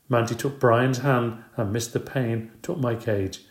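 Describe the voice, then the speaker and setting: A man narrating a children's storybook in the first person at an even, measured pace. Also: mid-range voice. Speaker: audiobook narrator. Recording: roomy echo.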